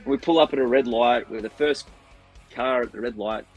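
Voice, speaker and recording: An Australian man, a band musician, telling a long story in a lively, rambling way and acting out what people said. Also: mid-range voice, moderate pace, lo-fi sound, faint music behind. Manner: animated, rambling, acts out others' lines. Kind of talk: casual storytelling on a livestream.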